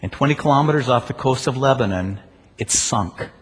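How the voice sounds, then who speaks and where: Husky preacher in a reverberant church. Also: male voice, mid-range voice, fairly quick. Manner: rhetorical questions and swings from loud emphasis to quiet. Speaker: pastor. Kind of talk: sermon.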